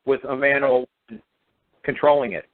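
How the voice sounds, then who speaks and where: A man's voice: mid-range voice, fairly even intonation, moderate pace. A man talking in a casual radio conversation, emphatic and sarcastic, repeating his points over and over. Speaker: guest speaker on law. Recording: tinny phone line.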